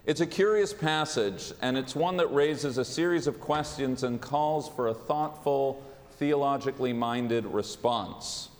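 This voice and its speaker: A man giving a sermon as a rabbi, with a measured, wry delivery. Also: mid-range voice. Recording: long hall reverb.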